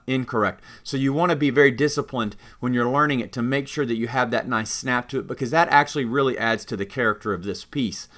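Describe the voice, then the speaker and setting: A man's voice: medium pitch, sharp tone. A man teaching trumpet students about rhythm, explaining carefully and singing rhythm examples on "da". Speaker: music teacher. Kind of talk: instructional talk with sung rhythm examples.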